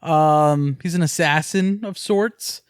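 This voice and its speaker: A man's voice: a little high, slow, smooth, no room sound, clean studio sound. A young man co-hosting a podcast in casual chat, enthusiastic and swearing as he recommends movies. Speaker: podcast co-host.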